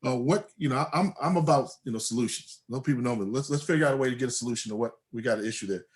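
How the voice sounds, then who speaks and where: A man co-hosting an online community meeting as a state delegate, talking in halting bursts with many restarts, over a video call. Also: medium pitch.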